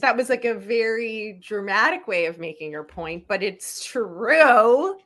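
A woman's voice: on the high side, animated, measured pace, fairly bright tone. A woman co-hosting a podcast in casual chat, speaking in an earnest, thoughtful way. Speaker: podcast co-host.

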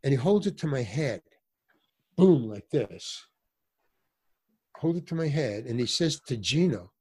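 A man's voice: medium pitch, animated, measured pace, pauses often, a little mellow, husky. An older man, an actor and comedian, telling a story in a casual interview and acting out the voices of the people in it, with many fillers and restarts.

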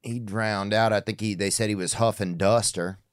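Deep-voiced candid podcast host. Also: male voice, fairly even intonation, normal speed, smooth, dry recording. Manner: loose, candid, rambling. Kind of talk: casual podcast chat.

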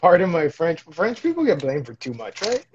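A man's voice: on the high side, wildly swooping pitch, normal speed, darkish tone, slightly rough. A young man co-hosting a podcast, joking and swearing in loose banter. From Mexican heritage. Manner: joking, profane, laughing. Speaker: podcast co-host. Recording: dull lo-fi sound.

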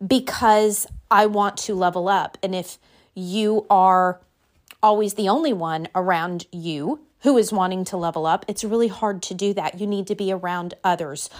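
Woman life coach, motivational to-camera talk, emphatic and direct, mid-range voice, numbered takeaways. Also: medium pitch. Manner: repeats phrases for emphasis.

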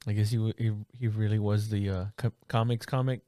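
A man's voice: fairly low pitch, flat delivery, a little fast, dark tone, dry recording. A man in a casual chat, easygoing, mostly chiming in with short remarks.

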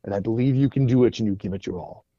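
A man putting on the voice of a gentle male god of thunder, speaking in a hushed, earnest, encouraging way, on a dull lo-fi recording. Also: on the low side, rapid-fire, no room sound.

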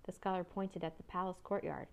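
A woman reading a children's chapter book aloud in a steady, measured way. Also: on the low side, creaky. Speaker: narrator. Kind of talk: storybook read-aloud.

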